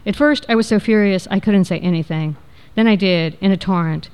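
A woman reading a first-person memoir aloud in a measured, reflective way. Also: medium pitch, a little mellow, smooth. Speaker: narrator.

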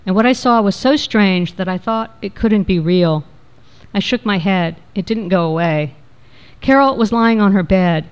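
A woman reading a first-person memoir aloud in a measured, reflective way. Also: fairly low pitch, clean tone. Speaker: narrator.

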